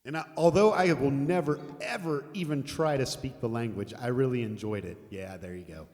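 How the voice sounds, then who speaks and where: A man's voice: medium pitch, moderate pace, a little mellow. American man chatting loosely between songs. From United States. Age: older. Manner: rambling, laughing, swearing, chatty with viewers. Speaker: streamer. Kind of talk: casual chat between songs on a live music stream. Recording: long reverb, guitar music behind.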